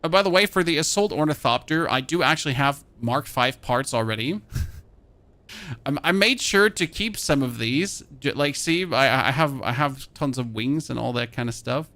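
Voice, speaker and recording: A man's voice: medium pitch, animated, moderate pace, bright, forceful tone. A chatty man from Germany with a light German accent, streaming a game and rambling as he plays. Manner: chatty, rambling, thinks aloud while playing. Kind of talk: casual live-stream chat.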